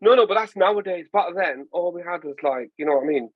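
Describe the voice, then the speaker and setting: Podcast host: Northern English man, forties, jokey and animated, a bit high-voiced, dry slightly dull sound. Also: quick pace, no echo. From England. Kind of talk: casual chat.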